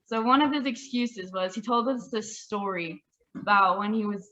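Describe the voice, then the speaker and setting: A woman casually telling a family story, animated and often laughing as she recalls it. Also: mid-range voice, normal speed, a little hiss or hum. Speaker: family member sharing memories. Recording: slightly muffled audio.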